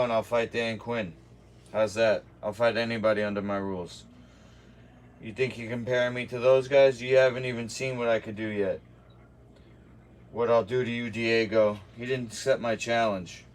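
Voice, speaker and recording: A man's voice: medium pitch, fairly even intonation, normal speed. Brash trash-talking man. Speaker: martial arts streamer. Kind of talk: livestream talking back to chat. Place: home kitchen.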